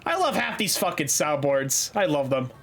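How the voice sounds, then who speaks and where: A man's voice: a little high, big pitch swings, moderate pace, fairly bright tone. A man chatting casually on a gaming livestream, rambling loosely, swearing freely and laughing easily. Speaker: streamer.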